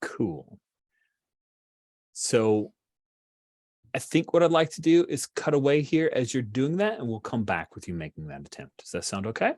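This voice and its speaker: An enthusiastic man running a tabletop superhero game, his pitch leaping up and down as he sets scenes. His voice is close and dry, with no room sound around it. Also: big pitch swings, normal speed, pauses often, a little mellow, dry recording. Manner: enthusiastic, chatty. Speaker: game master.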